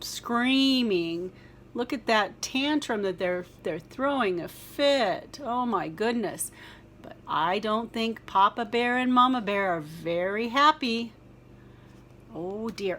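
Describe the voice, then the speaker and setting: A woman reading a children's picture book aloud, with gentle, chatty asides to young listeners. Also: mid-range voice, slight background noise.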